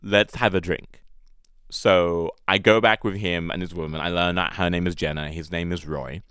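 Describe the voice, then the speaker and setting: A man's voice: sits low, fairly even intonation, normal speed, fairly bright tone, smooth, no room sound, studio quality. A young man with an English accent telling a personal story in a chatty, amused way, full of fillers. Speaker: guest storyteller.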